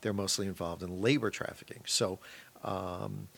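A man, a guest on a studio podcast, explaining a topic in a measured way with wry asides. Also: low voice, steady tone, creaky, fairly bright tone. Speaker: guest expert. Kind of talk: explanatory interview talk.

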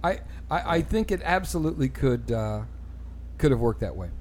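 A man's voice: mid-range voice, expressive, normal speed, a little mellow, slight background noise. A man hosting a casual panel chat, opinionated and often repeating his first words as he starts a thought. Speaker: show host.

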